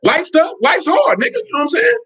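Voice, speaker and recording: A man's voice: very high-pitched, big pitch swings, brisk, pushed and bright. A man giving informal, blunt religious teaching in streetwise slang, with laughing asides. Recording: dull lo-fi recording.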